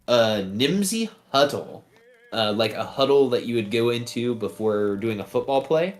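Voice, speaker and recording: A man acts as game master for a tabletop game, narrating in a relaxed way with plenty of fillers, at medium pitch and a moderate pace.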